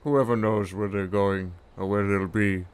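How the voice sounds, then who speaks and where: A man voicing a pretentious male amateur poet in a smooth, mock-poetic recital. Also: fairly low pitch, steady tone, unhurried, pitched below the performer's own voice, close to an everyday voice.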